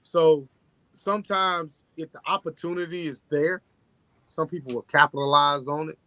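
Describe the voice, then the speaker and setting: A man co-hosting a casual chat show, tired and talking in a low-key monotone. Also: normal speed, no room sound. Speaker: podcast co-host.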